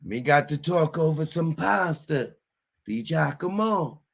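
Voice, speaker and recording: A man putting on a gravelly Italian-American mob boss. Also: on the high side, lively intonation, measured pace, pitched above the performer's own voice, heavily acted. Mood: conspiratorial. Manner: conspiratorial, wheedling mob-boss talk. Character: tough Italian-American mafia man, scheming.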